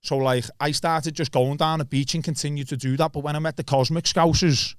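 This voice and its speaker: A man's voice: on the high side, fairly even intonation, brisk, smooth, no room sound, clean studio sound. A man in his thirties from Liverpool with a Liverpool accent, a podcast guest telling his story casually, slangy and swearing freely. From Liverpool, England.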